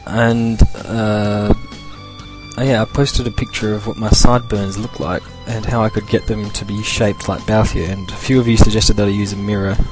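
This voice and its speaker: A young Australian man talks on his own podcast in a loose, rambling way, chuckling often and staying irreverent. His voice sits on the low side, and faint guitar music plays underneath. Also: fairly even intonation, normal speed. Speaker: podcast host. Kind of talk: casual solo podcast rant.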